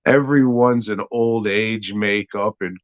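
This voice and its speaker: A man's voice: on the low side, fairly even intonation, slow pace, no room sound, highs cut off. A young man casually reviewing a TV episode, laid-back, meandering and swearing a lot. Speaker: podcast host reviewing a TV episode. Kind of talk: casual, profane review chat.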